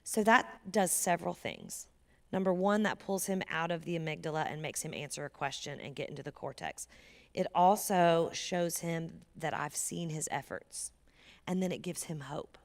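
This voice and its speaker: Woman doing a church parenting talk, kinda low voice with some vocal fry, earnest and chatty, goes almost whispery to make a point. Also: lively intonation, moderate pace, darkish tone. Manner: earnest, conversational, drops to a near whisper for emphasis. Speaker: guest speaker.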